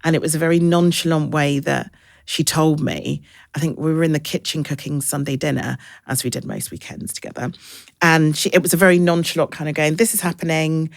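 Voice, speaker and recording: A woman, a podcast guest, talking candidly and reflectively, sometimes acting out others in a bright high voice. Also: a little fast, creaky, dry recording, studio quality. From England. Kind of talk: candid conversational interview.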